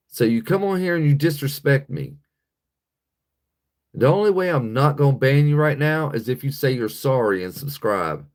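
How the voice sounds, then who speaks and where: A man hosting a casual livestream, talking bluntly and profanely to his chat and laughing often. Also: mid-range voice. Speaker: livestream host.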